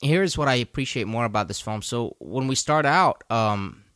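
Podcast co-host, male, from Jordan, bright, animated, swears freely, dry close mic. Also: mid-range voice, normal speed, dry recording. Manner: animated, profane, acts out film lines. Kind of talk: casual chat.

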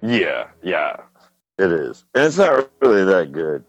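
A man with a very low voice co-hosting a film podcast, blunt and enthusiastic, cursing freely. The recording is dull and lo-fi, with a dry, close sound. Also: very animated, a little slow, no room sound, faint music behind. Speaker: podcast co-host. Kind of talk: casual chat.

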